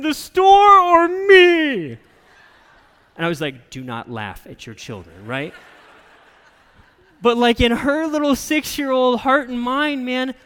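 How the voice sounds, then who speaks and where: A man in his thirties, a pastor, preaching a sermon in a conversational way and keeping his listeners with him by asking "right?" again and again. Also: fairly bright tone. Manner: acts out his daughter's crying in a high voice. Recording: long hall reverb.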